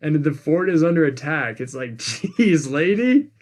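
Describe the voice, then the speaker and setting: A man's voice: on the high side, sing-song, measured pace. A man co-hosting a casual movie review podcast, giving blunt, slangy opinions. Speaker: podcast co-host.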